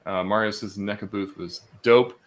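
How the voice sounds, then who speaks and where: Low-voiced easygoing podcast co-host man. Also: fairly even intonation, normal speed. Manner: easygoing, reads chat aloud, chuckles. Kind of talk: casual live-stream chat.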